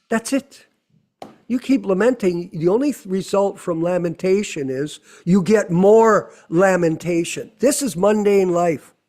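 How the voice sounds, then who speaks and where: A man's voice: sits high, darkish tone. A middle-aged man giving a conversational sermon, full of rhetorical questions. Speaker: temple speaker.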